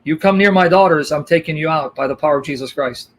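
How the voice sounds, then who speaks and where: High-voiced man in outraged commentary. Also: fast talker. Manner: reads translated lines aloud between angry remarks. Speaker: host. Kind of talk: reading subtitles and commenting on a clip.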